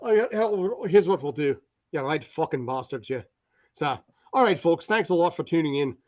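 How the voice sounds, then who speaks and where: A man's voice: on the high side, expressive, normal speed, lo-fi sound. A man hosting a podcast, chatting in a loose, jokey way and swearing often. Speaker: podcast host. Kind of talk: casual comedic chat.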